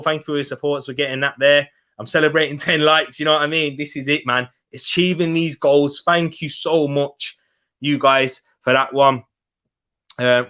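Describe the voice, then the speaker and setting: A young man with a high-leaning, bright, forceful voice runs a football live stream in a relaxed, chatty way. Going through viewer comments, he urges everyone to like the video.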